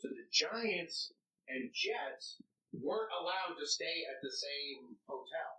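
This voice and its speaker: A man in casual podcast chat, telling animated, profane stories and acting out the people in them. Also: a little high, slow, far from the mic. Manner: animated, profane storyteller who acts out other people. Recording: dull lo-fi sound.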